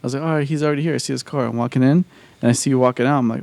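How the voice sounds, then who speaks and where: A laid-back man co-hosting a podcast, telling stories and swearing freely. His voice has a gravelly edge. He is recorded close and dry in a studio. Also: medium pitch, steady tone, very fast, darkish tone, dry recording. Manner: laid-back storyteller, swears a lot, laughs often. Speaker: podcast co-host. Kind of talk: casual chat. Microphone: studio mic.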